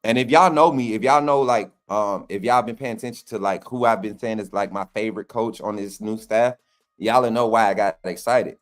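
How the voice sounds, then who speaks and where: A man's voice: lowish voice, a little fast. A man co-hosting a fan channel, telling a story casually with lots of restarts and y'all. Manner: rambling, many restarts and "y'all", animated.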